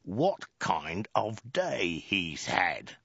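A man's voice: lowish voice, steady tone, slow, creaky, pushed and bright, breathy edge, no room sound, lo-fi sound, exaggerated voice. A man reading aloud voicing a brutal warrior who barks and snaps orders. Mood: harsh. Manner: barking, snapping orders. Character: brutal barking male warrior.

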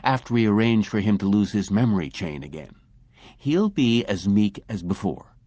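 A man's voice: fairly low pitch, animated, moderate pace, mellow, dry recording, lo-fi sound. A man voicing an irritable male boss who talks curtly and impatiently. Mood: confident. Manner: curt, impatient.

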